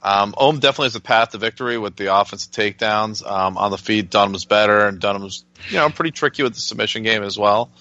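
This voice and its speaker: Bright guy hosting, dry dull mic sound, easygoing. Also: on the low side, quick pace, few pauses, dry recording. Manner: runs the segment, hands the turn to others. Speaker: podcast host, moderator. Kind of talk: casual podcast chat.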